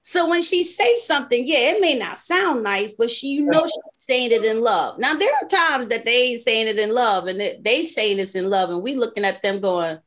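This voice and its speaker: A lively woman, telling stories in a casual podcast chat. Her voice sits a little high, and she laughs easily between her points. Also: moderate pace, few pauses. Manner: animated storyteller, laughs often, acts out quoted voices. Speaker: podcast host.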